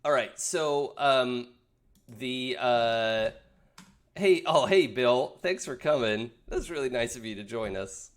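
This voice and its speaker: A man running a tabletop role-playing game as game master, often pausing on fillers. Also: mid-range voice, expressive. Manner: halting, with many fillers and laughs.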